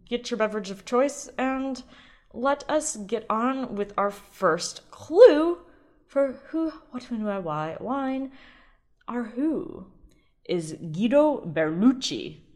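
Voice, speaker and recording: Speaking slowly in a slightly high, expressive, somewhat mellow voice, a woman runs a laid-back solo podcast. She rambles and chats, cutting herself off and starting over, with plenty of ums and laughter.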